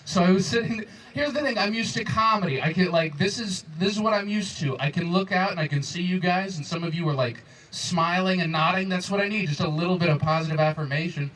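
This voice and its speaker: A man in his twenties doing a live stand-up set, his voice sitting on the high side. He bounces between exasperated asides and quick crowd banter. The sound is picked up from a little distance, like a live room recording. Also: fairly bright tone. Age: 20s. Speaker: stand-up comedian. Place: comedy club stage before a crowd. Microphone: handheld stage microphone.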